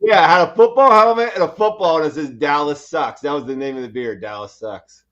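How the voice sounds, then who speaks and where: A man's voice: a little high, very animated, fast, fairly bright tone. A man from Pennsylvania telling laid-back, profane stories in a casual livestream chat. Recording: dull lo-fi audio.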